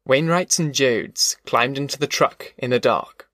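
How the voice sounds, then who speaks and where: A man reading a novel aloud in measured, descriptive narration. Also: medium pitch, fairly bright tone, no room sound, clean studio sound. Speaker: audiobook narrator. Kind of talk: scripted narration.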